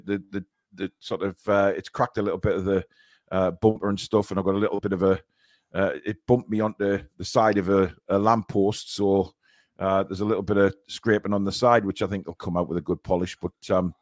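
Hesitant man telling it slowly. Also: lowish voice, no room sound, clean studio sound. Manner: hesitant, many ums and repeated words. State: sore and shaken. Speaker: co-host of a football fan show. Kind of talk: casual live-stream chat.

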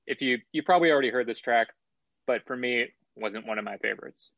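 A man hosting a casual album review chat, talking in an analytical and measured way with some swearing. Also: mid-range voice, gravelly, dry recording, lo-fi sound.

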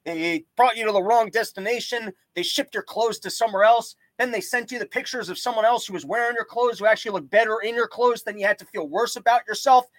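A man's voice: sits high, quick pace, few pauses, a bit bright, dry recording, poor audio. A young man hosting a podcast, doing a rambling, sarcastic comedic monologue full of tangents. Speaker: podcast host.

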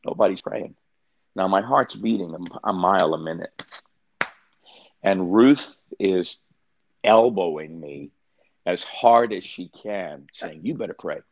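A man's voice: deep voice, takes it slowly, pauses often, no room sound, highs cut off. An older man, a pastor, telling a personal story as an interview guest, earnest and often restarting his sentences.

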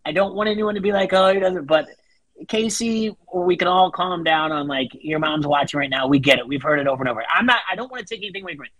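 Podcast co-host, casual chat, husky, argues a point, quotes others, dry close sound. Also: mid-range voice, quick pace, no room sound, rough recording. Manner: argumentative, builds a point, quotes people, trails off quietly. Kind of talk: casual chat recapping a reality show.

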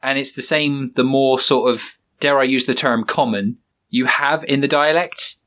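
A man's voice: mid-range voice, steady tone, unhurried, a bit bright. A man hosting a podcast, giving a loose, rambling talk on writing with many "sort of"s. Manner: chatty, rambling, hedges with "sort of". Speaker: podcast host and author. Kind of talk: informal talk on creative writing.

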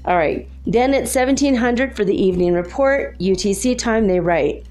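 A woman's voice: medium pitch, lively intonation, moderate pace, darkish tone. A woman hosting her own podcast, chatting straight to her listeners and laughing often between phrases. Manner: chatty, addresses listeners directly. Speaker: podcast host. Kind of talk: casual solo podcast monologue.

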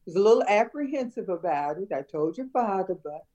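An older woman, a retired schoolteacher from Chicago, reminiscing in a relaxed conversation and laughing often. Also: mid-range voice, fairly quick, lo-fi sound. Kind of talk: casual conversation.

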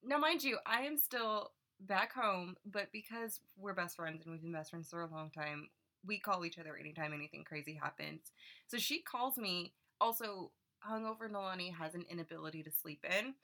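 A young woman chatting casually as co-host, wry and quick with side comments and laughs. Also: on the low side, sharp tone. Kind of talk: casual storytelling chat.

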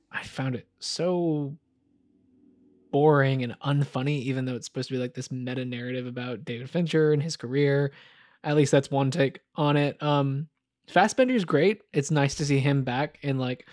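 A man's voice: medium pitch, a little mellow, dry recording. This man co-hosts a film podcast in a loose, candid ramble, leaning on fillers as thoughts form. His voice sits in an ordinary middle register. The sound is dry and close. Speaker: podcast co-host. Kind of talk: casual film chat.

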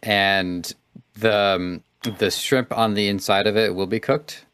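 Deep-voiced man explaining haltingly. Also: fairly even intonation, a bit bright, smooth, no room sound. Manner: halting, filler-heavy explaining. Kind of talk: casual podcast chat.

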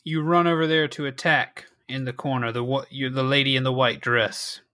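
Bright-voiced laid-back game master. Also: male voice, mid-range voice, fairly even intonation, moderate pace, dry recording, studio quality. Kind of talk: narrating a tabletop game.

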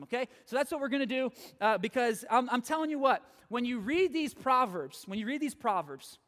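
A man preaching a sermon as pastor in a church, energetic and repetitive, often checking in with his listeners. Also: very high voice. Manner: energetic, repeats phrases, checks in with "okay?". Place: church hall. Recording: long hall reverb.

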